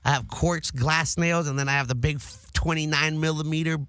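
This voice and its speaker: A man's voice: a little high, steady tone, a little fast, a bit bright, clear, resonant tone, no echo, clean studio sound. A man hosting a casual podcast, laid-back and slangy, swearing freely. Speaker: podcast host.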